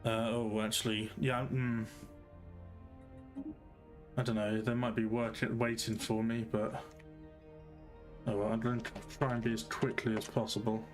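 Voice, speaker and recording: A man's voice: fairly low pitch, flat delivery, measured pace, long pauses, over music. A man hosting a live game stream, chatting casually in a rambling, jokey way that keeps correcting itself. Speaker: streamer host.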